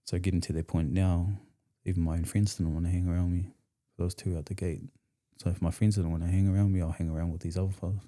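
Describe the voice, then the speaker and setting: A New Zealand man speaking as a podcast guest, his voice low and dark in tone. He recounts his past candidly, with blunt, slangy, profane phrasing. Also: little pitch movement, fast talker, few pauses. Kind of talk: candid storytelling in conversation.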